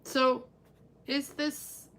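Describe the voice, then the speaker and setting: A woman's voice: sits high, level tone, drawn-out words, a bit bright, a little hiss or hum. A middle-aged woman giving a live-stream tarot reading, musing aloud and talking to viewers by name. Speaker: tarot reader.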